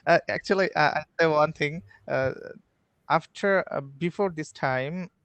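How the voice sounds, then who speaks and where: Man from Bangladesh, English learner, slow, gravelly voice, hesitant, dry sound. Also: a little high, fairly bright tone, dry recording. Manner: hesitant, halting with many fillers. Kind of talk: practicing pronunciation. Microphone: video call.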